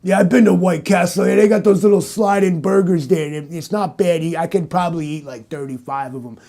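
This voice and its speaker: A man voicing a brash, loud tough-guy cop who talks in a cocky, bullying way and keeps calling the other man "Doc". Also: high voice, brisk, creaky. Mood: mocking.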